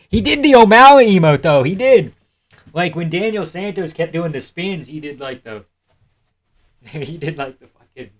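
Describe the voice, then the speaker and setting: A young man hosting a live fight reaction stream, reading chat aloud, swearing and laughing often as he jokes. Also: mid-range voice. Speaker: livestream host.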